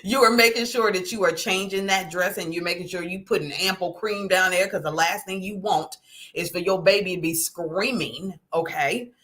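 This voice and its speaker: A middle-aged woman hosting a casual talk, folksy and animated, often checking in with "okay?". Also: fairly low pitch, moderate pace. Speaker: host. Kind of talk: casual talk to a live audience.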